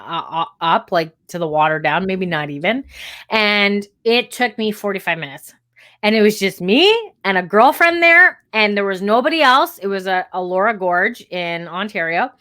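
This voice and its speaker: A woman's voice: medium pitch, bright, forceful tone. A woman co-hosting a podcast, sharing stories and reflections in casual chat. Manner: chatty, reflective storytelling. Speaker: podcast co-host.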